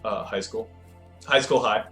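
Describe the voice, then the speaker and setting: Slow, laid-back man running improv. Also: fairly low pitch, fairly bright tone, faint music behind. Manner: laid-back, laughs often. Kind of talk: casual improv banter.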